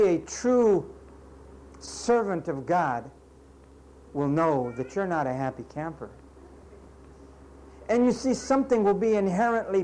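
A man preaching with a high-pitched voice. He scolds his listeners emphatically, repeating himself for effect, and slips into sarcastic asides. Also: darkish tone, poor audio. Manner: sarcastic asides and mocking impressions. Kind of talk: sermon.

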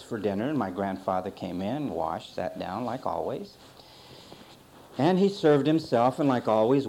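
A middle-aged man preaches a sermon in a mid-range voice, with a slight hiss or hum on the recording. He defines words, then tells a folksy childhood story, speaking with liveliness and swinging between loud and quiet.

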